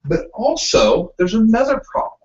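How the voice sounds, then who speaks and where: A man co-hosting a casual discussion podcast, talking in a rambling, animated way with frequent ums. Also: high voice, normal speed, slight background noise. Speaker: podcast co-host. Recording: dull lo-fi sound.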